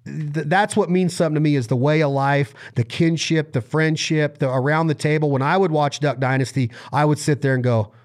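A man's voice: fairly high pitch, steady tone, brisk, few pauses. A man from Reno, Nevada, talking as a podcast guest in earnest, rambling conversational storytelling full of restarts and repeated words.

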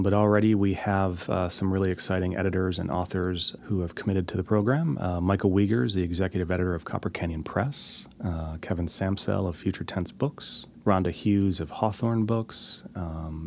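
Male podcast host, very low voice, informal chat, faint background noise. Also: fairly even intonation, moderate pace, few pauses, darkish tone. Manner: informal, with frequent "um" and "uh". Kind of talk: casual chat.

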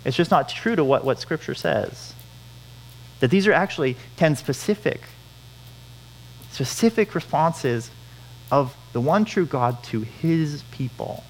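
A man's voice: fairly high pitch, lively intonation, unhurried, a little hiss or hum, rough recording. Earnest man preaching a sermon. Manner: earnest, repeats phrases for emphasis. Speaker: pastor.

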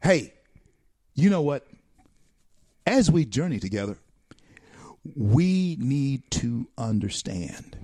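An American man hosting a talk show, delivering an animated, preacherly monologue with repeated phrases. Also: on the high side, slow pace, gravelly, pauses often, breathy edge, no room sound, clean studio sound. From United States.

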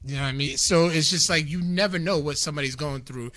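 A man co-hosting a casual chat, upbeat and quick to chime in. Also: on the high side, a bit bright, no room sound. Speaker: podcast co-host.

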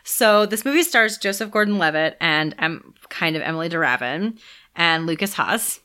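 A woman co-hosting a film podcast, with an enthusiastic and chatty delivery and frequent laughter. Her voice is bright and fairly low for a woman. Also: lively intonation, normal speed, smooth. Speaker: podcast co-host. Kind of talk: casual film discussion.

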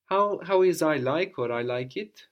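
A man's voice: fairly high pitch, expressive, measured pace, muffled recording. Patient man teaching a language. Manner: patient, prompting questions, explaining grammar. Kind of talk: language lesson with a student.

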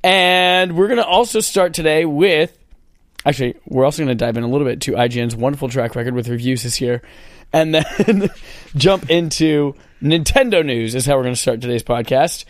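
A man's voice: on the high side, moderate pace, no room sound, studio quality. A man co-hosting a casual gaming podcast, joking around, his voice still recovering from being sick. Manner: joking, playful. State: recovering from lost voice. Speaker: podcast co-host.

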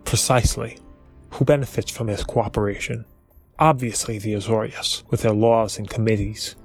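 A contemptuous older biomancer with a fishy, nasal whine and a low pitch, performed by a man. Faint music plays behind his snide remarks. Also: fairly even intonation, moderate pace, close to an everyday voice. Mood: sneering. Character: sneering older male fish-like biomancer.

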